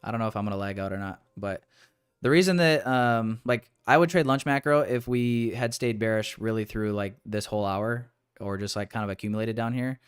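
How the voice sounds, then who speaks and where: His voice is fairly low, clear and resonant, and he speaks briskly. He's a young day trader on a live stream, chatting casually but sounding frustrated, rambling with restarts and calling the audience "boys."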